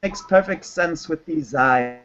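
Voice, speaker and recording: A man hosting a casual online chat, teasing in a deadpan way with oddly broken phrasing. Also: on the high side, measured pace, faint music behind. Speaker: channeler hosting a hangout. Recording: dull lo-fi call audio.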